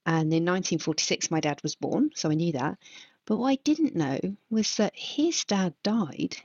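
A woman's voice: on the low side, lively intonation, moderate pace, darkish tone, slightly rough, no room sound. A woman in her forties from England, hosting a solo podcast in a chatty, reflective way with frequent ums. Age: 40s. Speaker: podcast host. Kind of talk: casual solo podcast monologue. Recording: dull, lo-fi, dry sound.

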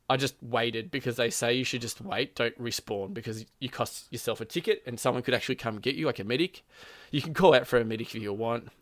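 A man chats casually, telling a long story full of fillers and quoted lines. His voice is bright and forceful, and the sound is dry, with little room echo. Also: medium pitch. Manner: rambling storytelling, lots of fillers. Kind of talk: casual chat.

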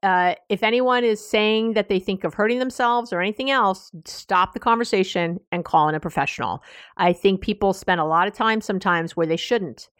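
American woman therapist chatting advice, lively, laughs a lot, mid pitch, dry sound. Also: moderate pace, no room sound. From United States. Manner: animated, laughing, restarting mid-sentence. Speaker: therapist and podcast host. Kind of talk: casual advice talk.

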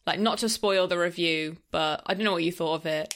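A woman's voice: lowish voice, brisk, a bit bright. A woman, co-hosting a film podcast in casual chat, talking loosely with lots of "like" and frequent laughs. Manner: chatty, laughs often, trails off with "like". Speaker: podcast co-host.

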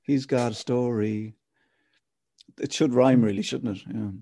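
A man's voice: medium pitch, steady tone, a little slow, mellow. A man hosting a casual podcast chat, teasing and laughing easily. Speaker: podcast host.

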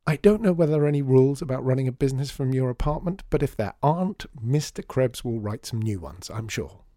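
A man's voice: mid-range voice, lively intonation, fast talker, warm tone, dry recording, pitched above the performer's own voice, lightly acted. A man voicing a cautious, practical father with a dry, wry manner.

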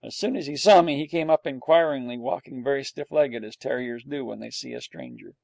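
Brief: male audiobook narrator, mellow and gravelly, wry dry humor. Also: medium pitch, brisk, no echo. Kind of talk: storybook narration as a dog.

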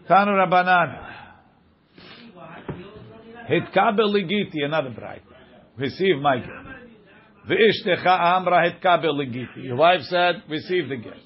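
A man's voice: sits high, breathy edge, lo-fi sound. A man teaching a daily page of Talmud, reading the passage aloud and explaining it line by line.

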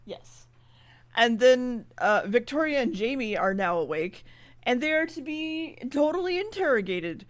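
A woman co-hosting a podcast, retelling a TV episode in casual chat, swearing freely and slipping into quick character voices. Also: fairly high pitch, big pitch swings. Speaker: podcast co-host recapping an episode.

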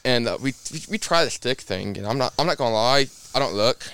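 A man's voice: medium pitch, fairly quick, smooth. A young man from Indiana, a race car driver, telling stories in a casual podcast interview and acting out the quotes. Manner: lively storyteller who acts out quotes.

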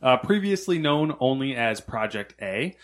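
A man's voice: medium pitch, sing-song, a little slow. A man co-hosting a casual gaming podcast, reading news items aloud and now and then stumbling over words.

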